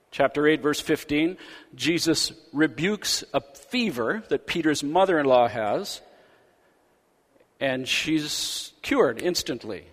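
A man preaching a sermon, retelling stories with lively paraphrased dialogue. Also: fairly high pitch, big-room sound. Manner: animated storytelling, acting out quoted figures in paraphrase. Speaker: pastor.

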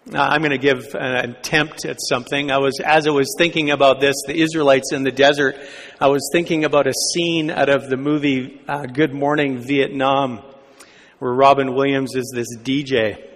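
A man's voice: mid-range voice, level tone, normal speed, in a large hall. A man preaching a sermon as a pastor, talking conversationally and asking the congregation questions.

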